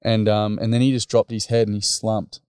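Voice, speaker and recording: A man's voice: on the low side, little pitch movement, normal speed, darkish tone, clean tone, no room sound, clean studio sound. A man with an Australian accent, a teacher and mentor, telling stories as a podcast guest in a casual, blokey way full of fillers and "mate". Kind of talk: storytelling in a podcast interview.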